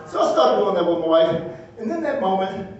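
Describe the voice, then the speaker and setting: A man in his sixties giving an energetic, joking campaign stump speech, rallying the crowd with shouts. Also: sits high, fairly quick, highs cut off, heavy background noise. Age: 60s. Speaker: political candidate. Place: indoor hall with audience. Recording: echoey hall, far from mic.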